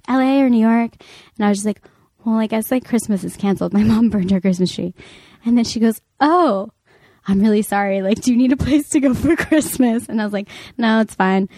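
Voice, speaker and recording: Woman podcast host, casual storytelling, animated, filler-heavy, dry close sound. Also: medium pitch, no echo. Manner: animated, many fillers and restarts.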